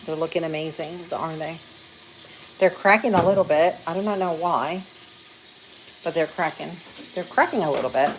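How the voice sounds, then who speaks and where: A woman's voice: low voice, normal speed, pauses often, noisy background. A woman hosting a casual cooking livestream from her home kitchen, chatting with viewers as she cooks. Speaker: livestream host. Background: frying and sizzling in a kitchen.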